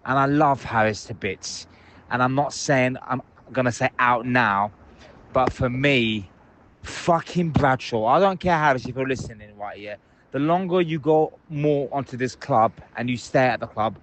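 A man leaves a heated voicemail from out in public, swearing freely and ranting with passion. His voice sits at an ordinary pitch. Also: unhurried, fairly bright tone, a little hiss or hum. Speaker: caller leaving voicemails. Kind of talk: phoned-in voicemail rant. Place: out in public, at a train station.

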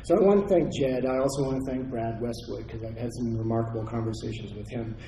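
A man delivers a measured academic conference lecture. His voice is warm and mellow, and his words carry the reverb of a large hall. Faint background noise sits under it. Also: medium pitch. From Oregon, United States. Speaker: conference speaker, historian.

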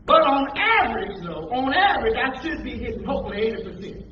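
A man preaching a call-and-response sermon to a congregation, animated and calling out questions for them to answer. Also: very high-pitched, fast talker, slight background noise. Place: church hall with a congregation. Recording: echoey room from far off, dull lo-fi.

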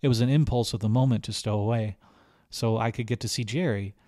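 A man's voice: mid-range voice, brisk, darkish tone, no room sound, clean studio sound, lightly acted. A man voicing an earnest young girl stowaway, speaking in a raised, pleading voice. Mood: eager.

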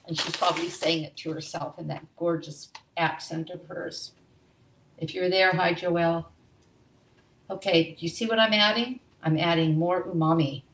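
A woman's voice: lowish voice, fairly even intonation, moderate pace, echoey room, rough recording. A woman teaching a live online cooking class from her home kitchen, chatting and making asides as she cooks.

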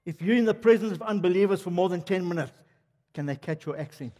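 A man's voice: high-pitched, fast, dark tone. An older man preaching a sermon, talking straight to the congregation and firing off rhetorical questions. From South Africa. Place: church hall. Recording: long reverb of a church hall.

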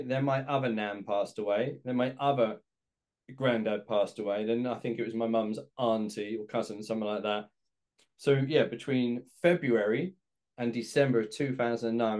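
Low-voiced man, candid and reflective, recounts his past for a podcast. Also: a little mellow. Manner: candid and reflective, acts out phone calls. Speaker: podcast host. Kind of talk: personal storytelling.

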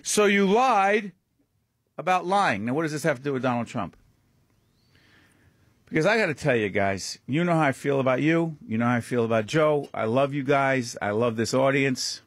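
A man's voice: medium pitch, a little fast, no echo. A man, guest-hosting a talk radio show with emphatic, impassioned commentary in a studio. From Newark, New Jersey. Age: 50s. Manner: impassioned, emphatic, rhetorical questions. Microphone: studio microphone.

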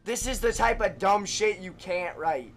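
A young man giving live commentary on his own gameplay, ranting and swearing in exasperation, swinging from shouts down to muttering. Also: sits high, animated, a little slow, faint music behind. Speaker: gaming streamer.

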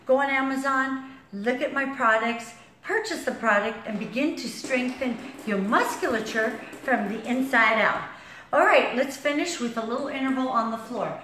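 A woman's voice: on the high side, moderate pace, a bit bright, a little hiss or hum. A woman fitness instructor demonstrating a workout, counting reps aloud while exercising and getting out of breath. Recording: echoey room, far from mic.

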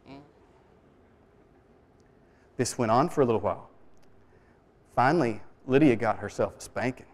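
A man preaching a sermon, telling a story in a relaxed, conversational way with many restarts. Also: fairly low pitch, a little slow, pauses often. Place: church sanctuary. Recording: long reverb of a church hall.

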